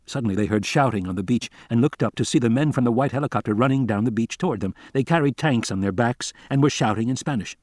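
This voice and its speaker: A man's voice: medium pitch, fast talker, few pauses, darkish tone, dry recording, studio quality. Man narrating an audiobook. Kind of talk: scripted narration.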